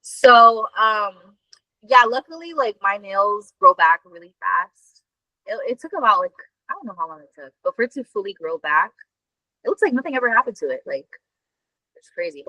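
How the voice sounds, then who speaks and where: A woman co-host tells a story in loose, casual chat. Her voice is bright and the sound is dry and close. She talks in an animated way, with lots of fillers and swearing. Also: mid-range voice, normal speed, dry recording, poor audio. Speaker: podcast co-host.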